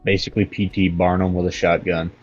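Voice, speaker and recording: Man, tabletop player, low voice, casual and crude, dull recording. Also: level tone, brisk, soft background music. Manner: loose, swearing, jokey. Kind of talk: casual tabletop game chat.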